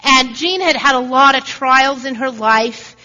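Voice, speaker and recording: A woman preacher tells a story in an earnest sermon, slipping into the voices of its people. Her voice is high and bright. The recording is muffled and rings with a long hall echo. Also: unhurried. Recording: dull recording in a reverberant hall.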